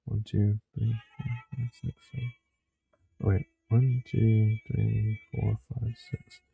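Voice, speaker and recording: A man's voice: fairly low pitch, little pitch movement, slow, gravelly, slightly rough, phone-quality sound. A young man hosting a live stream, giving casual play-by-play in a laid-back, slangy way and chatting with viewers.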